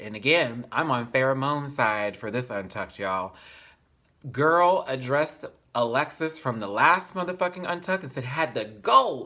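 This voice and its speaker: A man's voice: fairly high pitch, sharp tone. A man reviewing a reality show in a casual vlog. He talks in a sassy, emphatic way, often says y'all, and speaks openly about his feelings.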